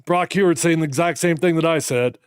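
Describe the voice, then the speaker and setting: A man in his thirties hosting a live watch party, reacting to a football game with animated, fired-up commentary. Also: on the high side, fairly quick, clear, resonant tone, dry recording, clean studio sound. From United States.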